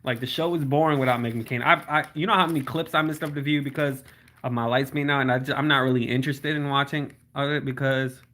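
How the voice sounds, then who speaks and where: Bright-voiced man chatting on a livestream. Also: mid-range voice, steady tone. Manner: chatty, reads out viewer comments and answers them; slows down to spell out links. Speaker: livestream host. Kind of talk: casual livestream chat with viewers.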